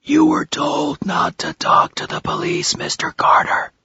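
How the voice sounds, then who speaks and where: A narrator voicing a menacing male kidnapper with a distorted, whispery mechanical voice, talking slowly and coldly over a speakerphone. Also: very high-pitched, little pitch movement, vocal fry, bright, forceful tone, no room sound, highs cut off, voice pushed up, exaggerated voice. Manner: slow, cold, threatening.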